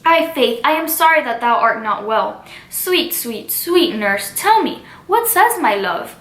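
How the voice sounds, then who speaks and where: A woman's voice: high voice, big pitch swings, unhurried, fairly bright tone, roomy sound, full character voice. A woman reading aloud as Juliet, an eager lovesick teenage girl, mostly in her own plain voice. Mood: impatient.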